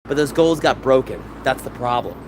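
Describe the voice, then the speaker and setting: The street livestream continues with a man whose mid-range voice is animated and moderately paced. He rambles between stories and responds to viewers in the chat, all over noisy outdoor sound.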